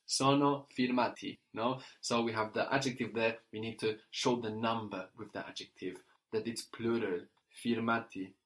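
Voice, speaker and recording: A man's voice: mid-range voice, fairly even intonation, normal speed, fairly bright tone. A man teaching a spoken language lesson, patient and explanatory, who often tags his sentences with a questioning "no?".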